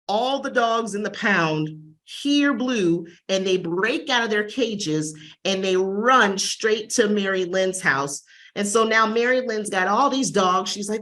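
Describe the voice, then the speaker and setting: An enthusiastic woman librarian talks through new picture books in a chatty webinar booktalk. She speaks over a video call at a medium pitch. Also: a little slow. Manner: enthusiastic, chatty, acts out dog sounds.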